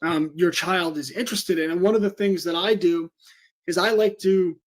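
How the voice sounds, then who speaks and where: A man's voice: high-pitched, steady tone, moderate pace. A man, a home school educator, giving an interview and explaining at length with frequent "um" fillers. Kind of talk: interview talk.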